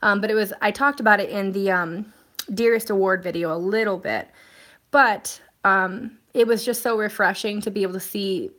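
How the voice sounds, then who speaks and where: A woman's voice: medium pitch, steady tone, moderate pace, a bit bright. A woman hosting a casual live stream, chatting and answering viewer comments in a rambling way with plenty of ums and restarts.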